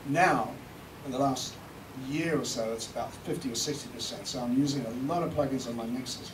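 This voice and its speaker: A man's voice: medium pitch, a little fast. British man talking in an echoey room. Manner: chatty, joking, swearing lightly. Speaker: seminar presenter, recording engineer. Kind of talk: live seminar talk and demo. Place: room with a live audience. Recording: echoey room from far off, with background noise.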